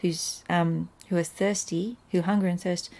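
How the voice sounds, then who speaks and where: Middle-aged woman, warm dark tone, talks her way through a Latin reading with a home teacher's easy chuckle. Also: fairly low pitch, fairly even intonation, a little slow. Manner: thinks aloud, chuckles at own slips. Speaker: channel host reading Latin scripture. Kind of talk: casual home lesson, reading Latin and translating.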